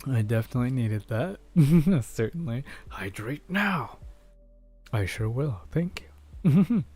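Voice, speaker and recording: A man reading a story aloud to his stream chat in a soft-spoken, unhurried way on a close mic. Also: mid-range voice, expressive, husky, faint music behind.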